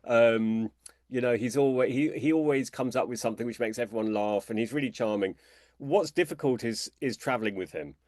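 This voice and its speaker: A British man, an author guest in an interview, who tells lively anecdotes and talks in a chatty, conversational way. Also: brisk, dry recording, studio quality. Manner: animated storyteller, imitates people in a high voice.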